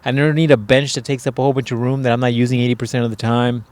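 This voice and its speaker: A man's voice: medium pitch, level tone, rapid-fire, a little mellow. A man co-hosting a casual podcast, ranting with lots of swearing and mocking people in put-on voices. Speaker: podcast co-host. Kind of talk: crude casual chat.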